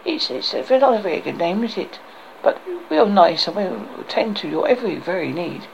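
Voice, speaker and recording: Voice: medium pitch, expressive, normal speed, creaky, slight background noise. A reader putting on a flirtatious castle maiden. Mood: coaxing. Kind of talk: amateur film-script reading. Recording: dull lo-fi recording.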